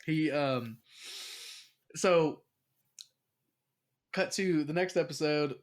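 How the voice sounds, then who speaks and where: A man's voice: fairly high pitch, extremely slow. A young man hosting a casual chat, retelling a show's plot in a rambling, profane way and acting out the characters' lines. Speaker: podcast host.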